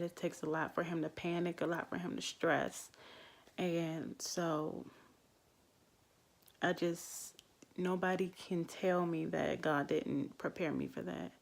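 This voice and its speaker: A young woman vlogger slowly and reflectively telling her own birth story to camera. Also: on the low side, vocal fry. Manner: slow, reflective, heartfelt.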